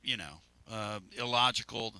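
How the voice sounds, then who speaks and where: A man's voice: mid-range voice, normal speed, pushed and bright, clear, resonant tone, dry recording. A man hosting sports talk radio in a studio, rambling and joking.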